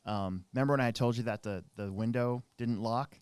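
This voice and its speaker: A man's voice: mid-range voice, brisk, darkish tone, smooth, no echo, clean studio sound. A man in his thirties hosting a podcast, telling a long rambling story in casual chat with many restarts. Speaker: podcast co-host.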